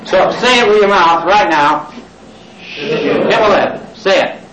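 A man's voice: high voice, moderate pace, noisy background. A man preaching a sermon to a congregation, getting them to repeat words aloud and tossing in jokey asides. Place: church hall with congregation. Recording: echoey, distant, lo-fi cassette recording.

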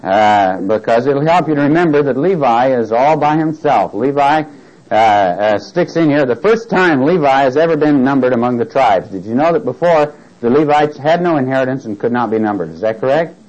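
A man's voice: mid-range voice, lively intonation, normal speed, a little mellow. Man preaching, muffled lo-fi tape, middle voice, questions to the congregation. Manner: asks the congregation questions, jokes and reads scripture aloud. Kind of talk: sermon Bible study. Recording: dull lo-fi tape recording.

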